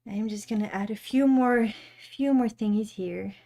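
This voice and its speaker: Gentle chatty woman hosting an art stream. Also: mid-range voice, normal speed, gravelly. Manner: chatty and gentle, laughs often, reads chat aloud. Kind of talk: casual livestream chat while painting.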